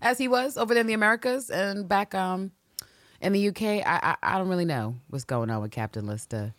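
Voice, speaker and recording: A woman co-hosting a podcast, recapping a TV episode in casual, animated, profane chat. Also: mid-range voice, a little fast, no room sound, studio quality. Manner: animated, profane, often laughing. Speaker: podcast co-host.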